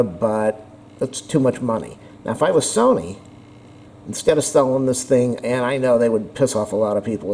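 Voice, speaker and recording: A man's voice: medium pitch, warm tone, slight background noise. Blunt, sarcastic man ranting to camera. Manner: sarcastic and blunt, rambling with restarts. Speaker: vlogger reviewing a camera. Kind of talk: casual opinionated rant.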